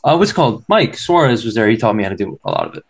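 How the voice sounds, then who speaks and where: A man's voice: mid-range voice, big pitch swings, racing, breathy edge. Eager, accommodating young man. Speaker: podcast engineer. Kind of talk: casual chat.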